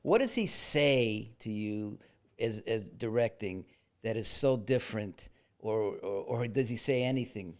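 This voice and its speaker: A man's voice: fairly low pitch, expressive, unhurried. A male interviewer asking eager questions with stumbling restarts in a casual chat.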